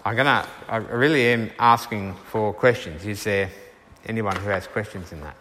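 A man's voice: on the low side, sharp tone, slight background noise. Earnest man preaching in an echoey hall. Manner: earnest, unhurried, slows to stress key words. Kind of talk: sermon with questions from the congregation. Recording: reverberant hall.

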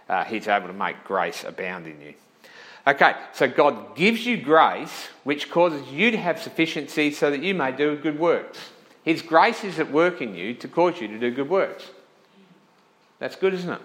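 A man's voice: mid-range voice, a bit bright, rough recording. A male pastor giving a conversational sermon, often checking in with listeners and correcting himself as he thinks aloud.

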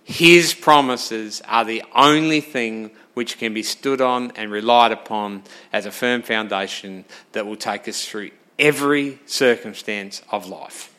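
A man preaching a sermon, lively and direct, asking the congregation questions and moving between loud emphasis and quiet asides. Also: on the low side, unhurried, few pauses, clean tone. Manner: animated, talks straight to the congregation with questions.

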